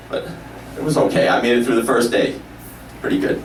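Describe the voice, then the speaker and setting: A man's voice: medium pitch, brisk. A man performing a self-deprecating comic story live at a small café, laughing through his lines. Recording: roomy live room from a distance, faint noise.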